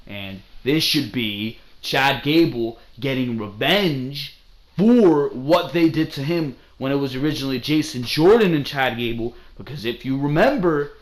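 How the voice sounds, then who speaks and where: Young male host, higher voice, blunt profane ranting delivery for a wrestling review. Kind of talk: casual solo review commentary.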